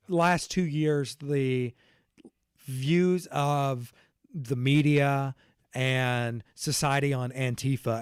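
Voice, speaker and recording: A man's voice: mid-range voice, no echo, studio quality. A man hosting a podcast in casual political chat, laughing often and restarting his sentences. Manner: laughs often, restarts and trails off mid-thought. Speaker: podcast host.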